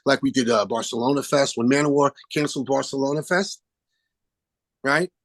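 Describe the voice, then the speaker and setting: An older man chats as an interview guest over a video call, his voice at an ordinary middle pitch. He tells stories with lots of energy and acts out the people he quotes. The sound is close and dry. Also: normal speed, no echo. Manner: animated storyteller, acts out phone calls in quoted voices. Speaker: guest musician. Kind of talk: casual interview chat.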